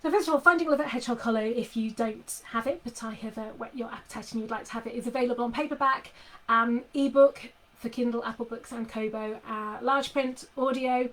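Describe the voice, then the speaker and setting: A middle-aged woman talks casually with readers from her desk at home. Her voice sits a little high, and she rambles warmly through fillers and restarts as she chats. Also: fairly even intonation, fairly quick, low-quality recording. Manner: chatty, many fillers and restarts. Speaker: author talking to readers. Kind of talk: casual live chat with readers. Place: home office.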